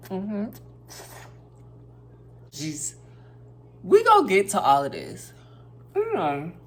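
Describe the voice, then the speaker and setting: A woman's voice: deep voice, huge pitch swings, slow, pauses often, slight background noise. A woman vlogging at her dinner table, chatting casually and talking straight to her viewers. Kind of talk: casual chat to camera over dinner.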